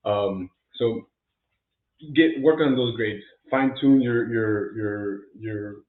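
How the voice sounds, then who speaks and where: A man's voice: on the low side, slow pace. A young man talking casually to camera in a vlog, earnest and encouraging, with lots of fillers and restarts. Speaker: realtor vlogger. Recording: echoey room, tinny phone-like sound.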